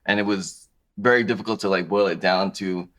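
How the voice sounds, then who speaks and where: Guy with a really low voice, laid back, just chatting on a podcast. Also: fairly quick. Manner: relaxed, conversational, thinks aloud with restarts. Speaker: podcast guest, clothing brand co-founder. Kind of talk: casual interview chat.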